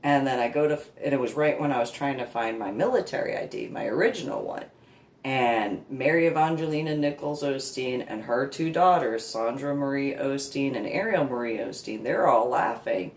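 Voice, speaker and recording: A woman telling a rambling personal anecdote, laughing often and slipping into a high, babyish voice when she quotes. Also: moderate pace, a little mellow. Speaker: storyteller. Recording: echoey room, far from the mic.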